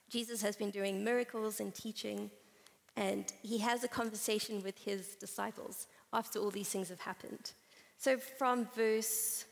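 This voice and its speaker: A woman preaching at a conference, moving between scripture reading and relaxed, story-driven explanation. Her voice has a gravelly edge. The sound carries the long reverb of a large hall. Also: mid-range voice. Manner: conversational, storytelling with playful asides. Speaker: conference speaker. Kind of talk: sermon with Bible reading.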